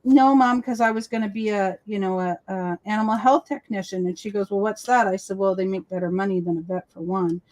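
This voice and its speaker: A woman chatting casually on a crafting livestream, animated and acting out the people she quotes. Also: medium pitch, fairly quick, hardly any pauses. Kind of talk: casual chat. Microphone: video call.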